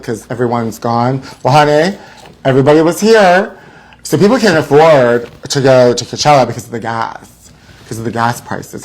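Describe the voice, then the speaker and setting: A man hosting a live celebrity gossip show, theatrical and mock-frightened, calling his viewers honey. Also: mid-range voice. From Los Angeles area.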